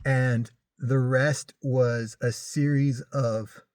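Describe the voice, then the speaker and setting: A man casually recounting a personal story in halting speech, full of restarts and fillers. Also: mid-range voice, steady tone, noisy background. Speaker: vlogger recounting a crash.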